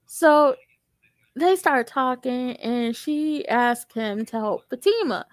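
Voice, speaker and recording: Sassy young woman doing a tv episode recap, jokey and animated, high voice, dry close sound. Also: slow pace, no room sound. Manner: sassy, joking, animated storytelling. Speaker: tv recap vlogger.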